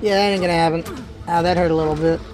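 A man's voice: a little high, steady tone, quick pace, over music. A man hosting a let's play, giving casual game commentary as he rants and swears in frustration.

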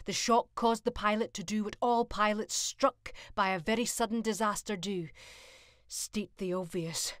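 A woman reading an audio story as narrator, lively and expressive. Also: medium pitch.

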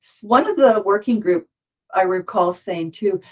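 A woman's voice: mid-range voice, lively intonation, unhurried. Woman moderator on an online panel, keeps restarting sentences, muffled lo-fi audio. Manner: thinking aloud with frequent restarts.

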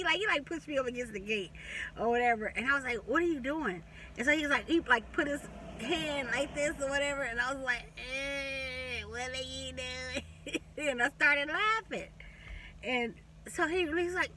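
Woman vlogger, bright voice, chatty storyteller who repeats herself and swears, a bit off-mic with faint traffic. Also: a little high, distant mic. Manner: animated, repetitive, profane, laughing storyteller. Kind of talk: casual storytelling.

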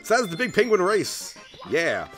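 Young man, let's play host, playful gameplay commentary, lively swooping pitch, bright. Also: moderate pace, soft background music. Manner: jokey, excitable, jumps into squeaky put-on voices.

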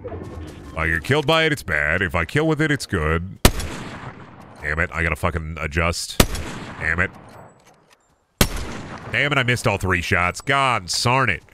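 A man's voice: low-pitched, sing-song, a little slow, long pauses, background noise. A young man streaming a shooter game, joking around and swearing as he plays. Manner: joking, repetitive bits, swears often. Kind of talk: casual gameplay commentary.

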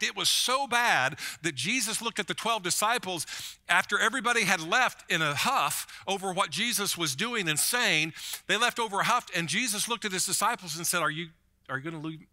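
A man's voice: high-pitched, pushed and bright. A man preaching a sermon as pastor, in a conversational way, often repeating a word as he starts a thought.

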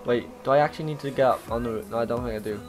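A young Welsh man giving loud, joking, swear-heavy commentary over his own game footage. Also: mid-range voice, racing, soft background music. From Wales. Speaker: gaming YouTuber. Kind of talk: casual gameplay commentary.

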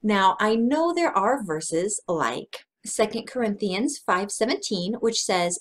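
A woman's voice: lively intonation, slow pace, few pauses. A young adult woman hosting a Christian women's channel, giving an earnest devotional talk with a personal story and acting out cheery quoted encouragement. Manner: earnest, acts out quoted encouragement in a bright higher voice.

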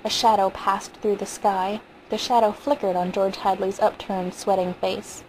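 A woman reading a short story aloud in a steady, vivid narrating manner. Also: mid-range voice, normal speed, slight background noise, poor audio. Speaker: audiobook reader.

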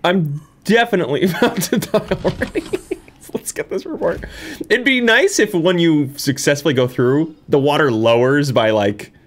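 A man in a casual let's-play commentary, rambling and self-mocking, bursting into high excited laughter. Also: moderate pace. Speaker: gaming YouTuber. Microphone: desk microphone.

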